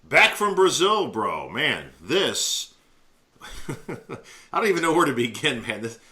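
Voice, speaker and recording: A man's voice: medium pitch, sing-song, slow pace, bright, forceful tone. A man co-hosting a podcast, talking casually and laid-back, often saying "bro". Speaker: podcast co-host. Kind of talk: casual chat.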